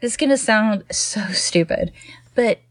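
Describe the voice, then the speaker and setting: A woman co-hosting a podcast in casual film chat, animated, laughing often and restarting her sentences. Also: medium pitch, a little slow, dry recording, clean studio sound. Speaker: podcast co-host.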